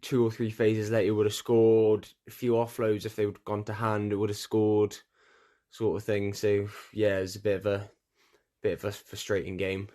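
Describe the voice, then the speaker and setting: A man's voice: on the low side, completely flat delivery, normal speed, mellow. A teenage boy, a young rugby player, chatting casually on a podcast in a laid-back way with short replies. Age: teens. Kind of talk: casual chat.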